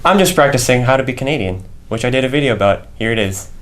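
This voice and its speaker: A man's voice: mid-range voice, animated, fast talker, slight background noise. A teenage boy co-anchoring a school news show, playful and mock-dramatic in tone. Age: teens.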